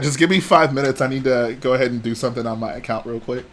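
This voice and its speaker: A young man in casual livestream chat, playful and joking, with quick asides. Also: medium pitch, fairly bright tone. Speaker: livestream co-host.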